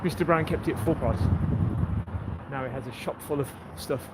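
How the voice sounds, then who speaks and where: A man with a mid-range voice and moderate pace hosts a casual walking livestream on a coastal town street, joking and saying hello to people he passes. He holds a phone as he walks, so street noise, ambience, and passing cars come through in the background.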